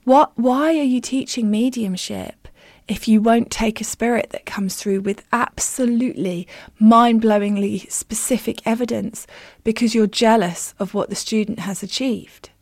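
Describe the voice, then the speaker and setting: A woman's voice: fairly high pitch, fairly even intonation, a little slow, darkish tone, no echo, studio quality. A woman who hosts a podcast as a medium, telling stories in a candid, self-deprecating, casual way.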